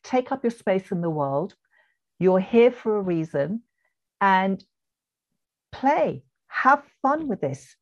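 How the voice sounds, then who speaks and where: A woman's voice: mid-range voice, darkish tone, highs cut off. Earnest English woman coaching. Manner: earnest, encouraging, reflective. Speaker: guest, business coach. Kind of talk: podcast interview.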